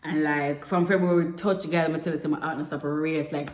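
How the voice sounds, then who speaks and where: A woman's voice: low voice, steady tone, brisk. A young woman with a Jamaican accent telling a personal story to camera in a chatty way, slipping between English and Patois. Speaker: vlogger. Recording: echoey room.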